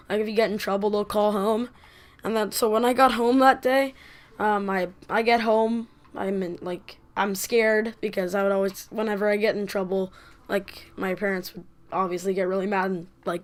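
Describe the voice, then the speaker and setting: A woman vlogger telling a casual story, rambling and animated with many fillers. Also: medium pitch.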